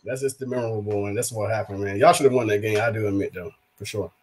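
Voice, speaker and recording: A man's voice: on the low side, quick pace, a little hiss or hum. A man co-hosting a casual sports talk show, rambling and acting out quotes as he goes. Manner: rambling, animated, acts out quotes. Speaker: podcast co-host, rival team's fan.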